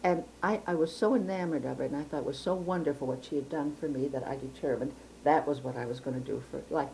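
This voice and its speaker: A woman's voice: low voice, quick pace, gravelly, mellow, a little hiss or hum, low-quality recording. An older woman from Chicago recalling her life in an oral history interview, speaking in a reflective, precise way with frequent restarts. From Chicago, United States.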